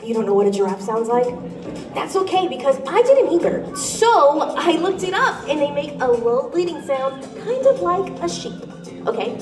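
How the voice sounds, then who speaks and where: A woman's voice: sits high, very animated, moderate pace. An actress playing a bubbly, eager female troupe singer who leads the crowd in a live stage show. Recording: distant echoey theater with loud music and crowd.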